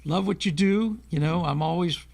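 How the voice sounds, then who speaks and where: Gravelly man on a video call. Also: high-pitched, normal speed, a little mellow. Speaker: guest musician on a video call. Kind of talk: casual chat.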